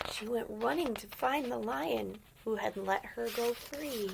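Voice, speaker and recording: A woman reads a picture book aloud to young children in a slow, unhurried way. Her voice has a gravelly edge, and she often drops into a gentle whisper, adding playful animal sounds. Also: fairly high pitch, background noise. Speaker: storyteller for children.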